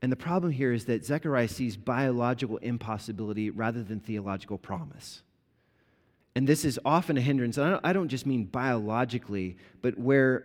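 Conversational preacher in a reverberant hall. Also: male voice, mid-range voice, darkish tone. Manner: conversational preaching with vivid retellings. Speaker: pastor. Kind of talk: sermon. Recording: long reverb of a large hall.

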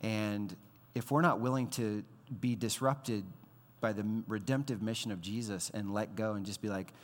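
A man in his thirties preaching a sermon as pastor, conversational and animated, acting out the voices he quotes. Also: fairly low pitch, moderate pace. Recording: long hall reverb.

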